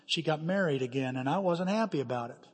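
Brief: middle-aged male pastor, slightly high husky voice, emphatic storytelling sermon, hall reverb. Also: animated, a little fast. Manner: storytelling, emphatic, with dramatic quoted asides.

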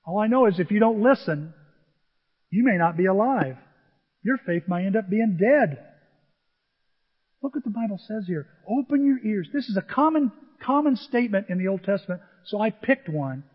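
A middle-aged man preaching a sermon as pastor, animated, swinging between shouting and near-whispers, with a husky voice. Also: high voice. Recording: dull, hall reverb.

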